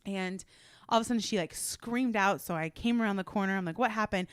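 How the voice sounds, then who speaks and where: Laughing, chatty mom co-hosting a podcast. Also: female voice, medium pitch, brisk, clear, resonant tone, dry recording. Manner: laughs often, animated storytelling. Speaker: podcast co-host. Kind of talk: casual chat.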